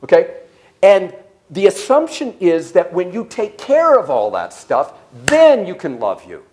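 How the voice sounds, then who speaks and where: Animated high-voiced man preaching. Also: measured pace, slight background noise. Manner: animated storytelling, questions to audience. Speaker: speaker. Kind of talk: sermon-style talk. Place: church service.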